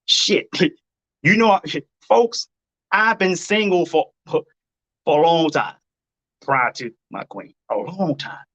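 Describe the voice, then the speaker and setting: A man's voice: fairly high pitch, takes it slowly, long pauses, a bit bright, highs cut off. A man hosting a live-stream advice talk, blunt and preachy, hammering his points by repeating them. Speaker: dating advice host.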